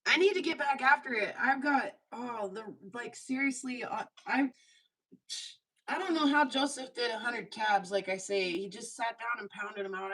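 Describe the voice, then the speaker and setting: A woman's voice: on the high side, vocal fry, a bit bright, poor audio. A woman hosting a casual craft livestream, chatting while she works, laughing often and making fun of herself. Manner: chatty, laughs often, self-mocking asides. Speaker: livestream host making jewelry.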